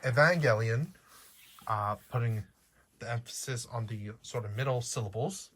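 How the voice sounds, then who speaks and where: This unboxing vlogger, who has a slight accent, keeps up a casual, chatty stream of jokes and playful remarks to viewers. The voice is medium-pitched and slightly rough, with a steady tone and normal speed.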